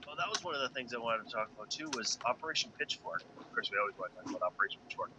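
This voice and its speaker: A man, a pilot, chatting casually about a space game in a relaxed, rambling way, thinking aloud with fillers. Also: medium pitch, racing. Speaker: pilot and gaming video co-host. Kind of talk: casual gaming chat. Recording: noisy background.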